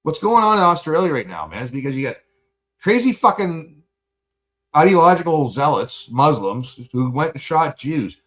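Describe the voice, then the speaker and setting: A man's voice: on the high side, sing-song, normal speed. Buzzed man ranting angrily, profane. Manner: profane, angry venting, swings loud. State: buzzed and high. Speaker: livestreamer. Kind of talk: casual livestream rant.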